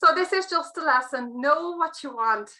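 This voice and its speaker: A woman with a high, bright voice gives a motivational talk about mindset. She tells personal stories and plays out the inner voices of the people in them. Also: moderate pace, low-quality recording. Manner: animated storytelling, acts out quoted thoughts. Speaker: career coach.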